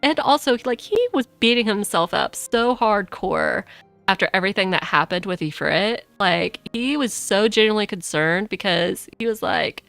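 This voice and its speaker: Chatty bright-voiced woman streamer. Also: mid-range voice, normal speed, no echo. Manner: chatty, lots of 'like', excitable. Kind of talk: casual gameplay commentary.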